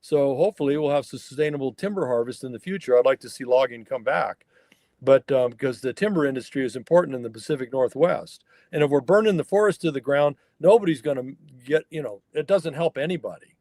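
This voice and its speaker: In a clean studio recording with no room sound, a brisk, mid-range male voice with a darkish tone carries the talk. The speaker is an older Northern California mountain man and wild horse fire researcher, appearing as an interview guest. He tells stories conversationally, folksy and emphatic, voicing the characters in his anecdotes.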